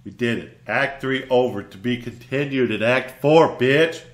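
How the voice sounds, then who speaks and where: A man commentating on his own gameplay, excitable, swearing and shouting at enemies. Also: medium pitch, unhurried. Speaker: let's play host. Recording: echoey room with game music.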